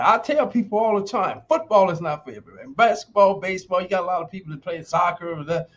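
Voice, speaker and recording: A retired football player and university lecturer in his sixties tells stories as a podcast interview guest. His fairly high, fairly bright voice moves a little fast, emphatic and folksy like a motivational coach, though the audio sounds dull.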